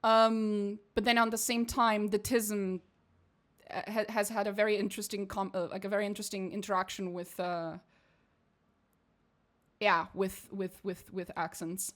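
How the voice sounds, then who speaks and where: Born in Portugal, this woman streams games with an English accent that drifts between British and American, reading game text aloud and commenting in a rambling, profane way. Her medium-pitched voice has little pitch movement and keeps a normal speed.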